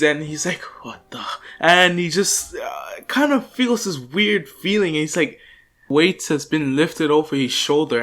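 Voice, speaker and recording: A young man rambles through a fan-made story in a casual, unscripted way, full of fillers and restarts. His voice sits a bit high for a man, with faint lofi music underneath. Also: fairly bright tone.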